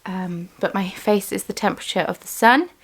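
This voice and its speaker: A woman's voice: mid-range voice, moderate pace, breathy edge. A woman running a small craft business, talking in a chatty, rambling way with lots of ums in a casual vlog. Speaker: small business owner and vlogger.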